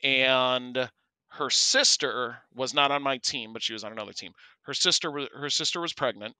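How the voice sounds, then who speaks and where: Male podcast co-host, bright tone, dry sound, animated storyteller. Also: mid-range voice, moderate pace, clear, resonant tone, no room sound. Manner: animated, acts out quoted voices. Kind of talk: casual storytelling.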